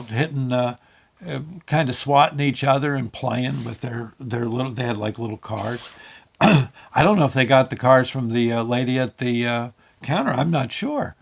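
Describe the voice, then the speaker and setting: An older man telling a rambling comic story about a visit to the motor vehicle office, with halting restarts. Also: medium pitch, vocal fry. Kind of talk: comic monologue with quoted dialogue.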